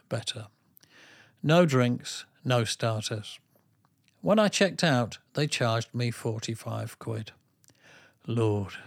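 A man's voice: mid-range voice, dry recording. Male host, diary read-aloud, dry wit. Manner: dry, wry delivery. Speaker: podcast host. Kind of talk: reading a tour diary aloud, then casual chat.

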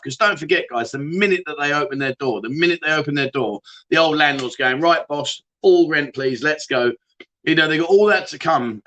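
Bright-voiced chatty male streamer. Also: a little high, low-quality recording. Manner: chatty, jokey, matey, greets viewers by name. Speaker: livestream host. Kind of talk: casual livestream chat reading viewer comments.

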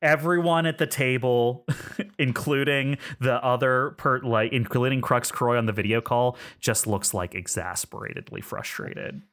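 A man's voice: medium pitch, lively intonation, measured pace, fairly bright tone. A man running a tabletop game as game master, narrating in a chatty, filler-heavy way with frequent laughs.

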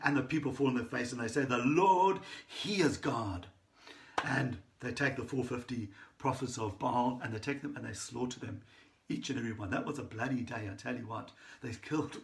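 A man preaching a sermon, telling a Bible story with lively enthusiasm and frequent restarts. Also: mid-range voice, brisk, gravelly, slight background noise.

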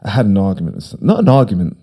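A man's voice: fairly low pitch, big pitch swings, racing, warm tone, slightly rough. A middle-aged man, a podcast guest talking casually, rambling and repeating himself with emphasis. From United Kingdom. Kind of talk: casual conversation.

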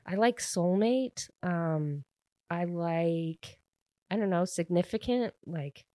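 A woman's voice: on the low side, takes it slowly, dark tone, no echo. A young woman in casual chat about a book, rambling and chatty, full of fillers. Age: young adult. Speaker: book reviewer.

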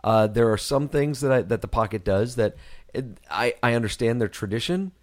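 A man co-hosts a casual podcast, speaking candidly and circling back on himself as he tells stories. His voice moves lively up and down in a mid register. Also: medium pitch, moderate pace. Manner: candid, rambling storyteller with many restarts. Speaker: podcast co-host. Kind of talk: casual chat.

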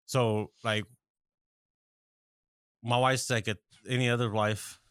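A man in his thirties co-hosting a podcast in casual, profane chat, an animated storyteller who swears a lot. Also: mid-range voice, slow pace, clean tone, dry recording, studio quality. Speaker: podcast co-host.

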